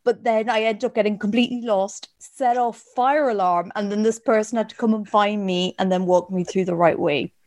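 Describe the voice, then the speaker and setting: A woman's voice: mid-range voice, steady tone, moderate pace, few pauses, a little mellow. Young irish woman cohosting a podcast, chatty and self-mocking, just chatting. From Ireland. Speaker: podcast co-host. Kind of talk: casual chat.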